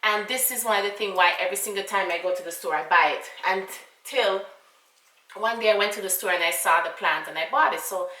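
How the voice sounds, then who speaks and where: A woman with a Jamaican accent telling a casual storytime, animated and full of fillers and asides. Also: mid-range voice, brisk, recorded from a distance. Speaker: vlogger. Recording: roomy, away from mic.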